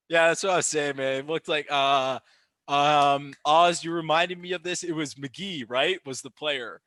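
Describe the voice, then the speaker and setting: A man's voice: on the high side, no echo. A young man doing casual live-stream basketball commentary, reacting and ranting about calls with lots of restarts and fillers. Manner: animated, quick to rant, lots of fillers and restarts. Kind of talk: excited play-by-play and reaction commentary.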